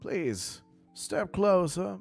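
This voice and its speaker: Casting: a man playing a battle-hardened king with a jittery Southern drawl, pitched up and slow. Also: sing-song, creaky, soft background music, heavily acted. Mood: drawling, courtly. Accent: American Southern drawl. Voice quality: jittery, drawn-out syllables.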